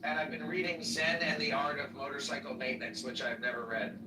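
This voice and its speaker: A man's voice: mid-range voice, flat delivery, fairly quick, roomy sound, far from the mic, noisy background. A man in a casual group chat, chatty and amused, telling about what he has been listening to and reading.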